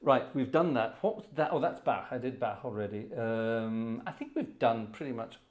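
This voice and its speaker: A man's voice: medium pitch, lively intonation, normal speed, darkish tone. Male organist host, live stream, casual, jovial, rambling, medium voice. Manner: jovial, rambling, chuckling asides. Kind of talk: casual live-stream chat between pieces. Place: hot indoor room at an organ console.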